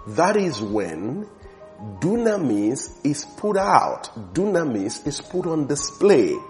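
A man's voice: medium pitch, darkish tone. A man preaching a sermon in an earnest, repetitive way, often restarting his words and building emphasis.

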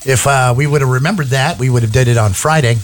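A man's voice: mid-range voice, fast, soft background music. A man hosting a radio show, chatting casually and joking with many filler words. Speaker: radio host. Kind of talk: casual on-air chat. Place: radio studio.

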